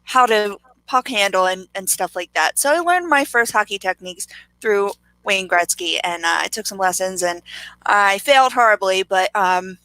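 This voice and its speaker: A woman's voice: medium pitch, animated, moderate pace, bright, forceful tone, no echo, rough recording. A woman co-hosting a talk show, chatting eagerly and bubbly about her favorites. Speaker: co-host. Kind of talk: casual chat.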